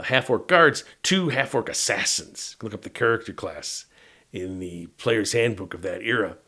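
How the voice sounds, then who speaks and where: A man's voice: medium pitch, a bit bright. Middle-aged man rambling through a game module. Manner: rambling, conversational, with frequent "right?" tags. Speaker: tabletop game master and YouTube host. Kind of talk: casual explanatory walkthrough.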